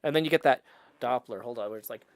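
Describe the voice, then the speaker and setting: Into a desk microphone in his apartment room, a middle-aged live streamer reads chat aloud, rambling casually and self-mockingly. His medium-pitched voice is gravelly and quick, with no echo.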